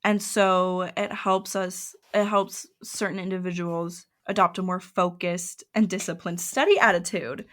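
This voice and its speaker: In a casual solo podcast, a young woman looks things up online and reacts, rambling and cutting herself off, while keys tap lightly in the background. Her voice is fairly low with fairly even intonation, a little slow but with hardly any pauses.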